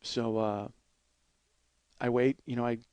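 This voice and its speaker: Man, comedy podcast host, rambling profane storytelling, mid-pitched voice, dry close sound. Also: level tone, slow, darkish tone, clean tone, dry recording. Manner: profane, rambling anecdote with restarts; mimics other people's voices. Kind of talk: storytelling monologue.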